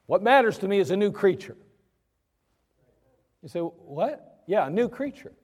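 A man's voice: high-pitched, big pitch swings, normal speed, a little mellow. A man preaching a sermon as pastor, emphatic, acting out the voices he quotes. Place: church sanctuary. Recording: church sanctuary with long reverb.

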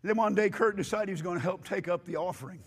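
A male pastor preaching a sermon in a church with impassioned, rising delivery, hoarse from losing his voice. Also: high voice, fast.

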